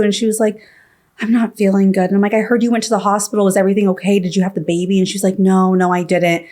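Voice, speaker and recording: A woman appearing as a podcast guest tells her story casually, packing it with fillers and acting out what other people said. She speaks fast with a flat delivery, her medium-pitched voice a little mellow.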